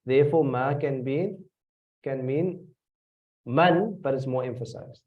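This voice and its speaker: A man with a South African accent teaches a classroom tafsir lesson, questioning his students and repeating phrases as he explains. His mid-range voice keeps a measured pace, captured in a dull lo-fi recording from a distance.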